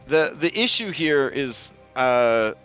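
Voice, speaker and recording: A man's voice: medium pitch, sing-song, takes it slowly, fairly bright tone, clean tone. A man running a tabletop game as game master, narrating casually with frequent fillers and laughs. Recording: slightly dull lo-fi audio. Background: faint background music.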